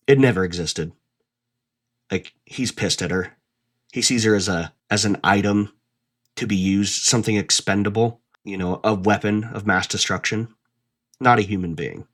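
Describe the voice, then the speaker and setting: A man's voice: fairly low pitch, a bit bright. A man hosting a casual commentary video essay, talking bluntly and swearing freely.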